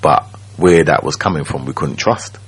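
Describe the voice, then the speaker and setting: A man, telling his own story as a radio guest in a slow, reflective way, often checking that the listener follows. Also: very deep voice, slightly rough. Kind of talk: personal storytelling. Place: radio studio.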